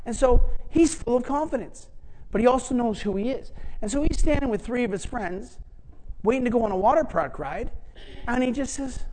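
A middle-aged preacher giving a sermon in a conversational, animated way, often acting out what others said. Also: medium pitch, normal speed, low-quality recording. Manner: animated, acts out quoted dialogue; conversational, many fillers and restarts. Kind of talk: sermon storytelling.

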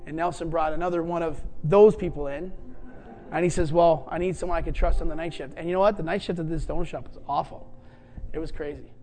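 A man's voice: on the high side, steady tone, fast talker, darkish tone. A man preaching, telling a personal story and acting out the voices of the people in it. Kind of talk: sermon storytelling.

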